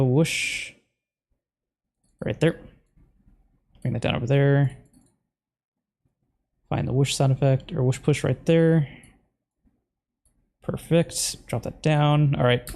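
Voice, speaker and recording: A man's voice: medium pitch, takes it slowly, gravelly, long pauses, darkish tone, soft background music. A man, a video creator, talking casually to himself as he edits, muttering instructions and breaking into puzzled exclamations. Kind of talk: casual commentary while editing video.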